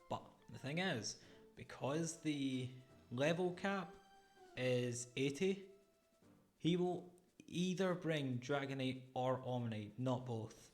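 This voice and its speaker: A man casually commenting on his own game playthrough, chatty and thinking out loud about each move. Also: medium pitch. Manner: chatty, thinks aloud over choices. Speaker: gaming channel host. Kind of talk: casual let's-play commentary. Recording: game music underneath. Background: game music.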